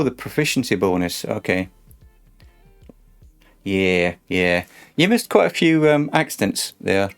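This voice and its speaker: A man casually commenting while he plays a truck game on a stream, chatty and muttering to himself. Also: lowish voice.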